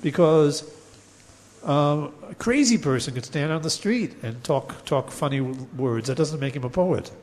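A man teaching a lecture on poetics, explaining terms step by step and chanting verses slowly. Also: a little high, expressive, a little mellow, big-room sound.

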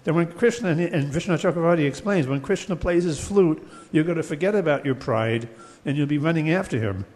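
In a classroom lecture on Sanskrit poetics, a man speaks at a fairly high pitch, a little fast and with few pauses, in a slightly mellow tone. His explanations are patient, sometimes broken by chanted Sanskrit verses and by sentences he restarts with fillers. The audio carries long hall reverb.

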